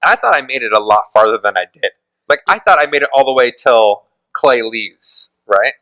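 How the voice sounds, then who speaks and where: Lively animated man chatting. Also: mid-range voice, dry recording, rough recording. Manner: animated, laughs often, quick asides. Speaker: podcast co-host. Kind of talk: casual chat.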